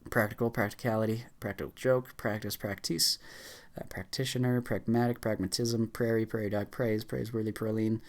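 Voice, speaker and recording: A man reading a long list of words aloud as fast as he can, stumbling now and then with fillers and restarts. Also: on the low side, flat delivery. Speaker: YouTuber. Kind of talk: rapid word-list reading.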